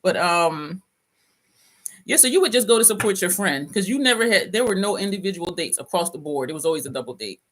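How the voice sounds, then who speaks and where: A woman's voice: fairly low pitch, animated, brisk, fairly bright tone. Laughing woman in her fifties telling stories. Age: 50s. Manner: laughs often while telling a story, reads viewer comments aloud. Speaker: vlogger livestream host. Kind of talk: casual livestream storytelling.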